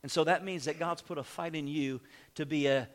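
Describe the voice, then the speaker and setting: A male pastor preaching a sermon with fiery shouts, calls of amen and exhortations to the congregation. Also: fairly high pitch, steady tone, a little fast.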